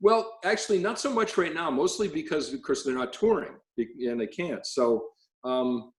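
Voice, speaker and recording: Roomy-sounding man telling lively stories. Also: fairly high pitch, moderate pace. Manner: animated anecdotes with laughter. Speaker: cymbal company president, guest. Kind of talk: storytelling in casual interview.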